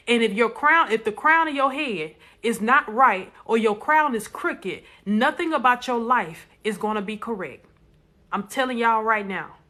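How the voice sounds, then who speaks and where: Recorded on a phone during a casual live stream, this woman addresses viewers with blunt emphasis, saying lines twice to hammer them home. Her voice is fairly high, bright, and forceful.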